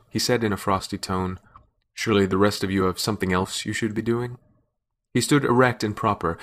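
Man, story narrator, somewhat low pitch, measured, wry delivery. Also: a bit bright. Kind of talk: scripted narration.

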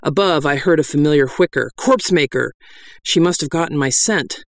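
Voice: medium pitch, normal speed, no room sound. A reader narrating a comic fantasy tale in a dry, wry storytelling style. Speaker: audiobook narrator.

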